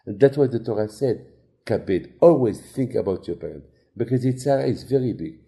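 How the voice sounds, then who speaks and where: Rabbi giving a sermon, gravelly and very dark tone, story-driven preaching. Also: male voice, medium pitch, expressive, brisk. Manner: non-native phrasing, storytelling with quoted dialogue.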